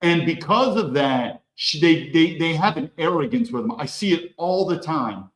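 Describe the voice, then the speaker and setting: A man's voice: a little high, lively intonation, moderate pace. Emphatic man ranting in an echoey room. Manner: emphatic, blunt, repetitive. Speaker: host. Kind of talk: ranting commentary stream.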